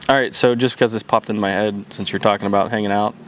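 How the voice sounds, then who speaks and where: A man's voice: on the low side, steady tone, fast talker, a bit bright, a little hiss or hum. A young man from western Pennsylvania hosting a podcast, chatting casually with a friend, laughing a lot and swearing casually. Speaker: podcast host. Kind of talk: casual chat. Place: outdoors around a campfire at night.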